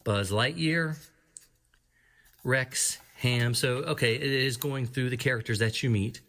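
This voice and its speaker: This man's medium-pitched, slightly bright voice moves at a measured pace as he flips through a book for a casual review on his own channel. He reads entries aloud chattily, with small asides and little laughs, while the camera shows his hands and the book.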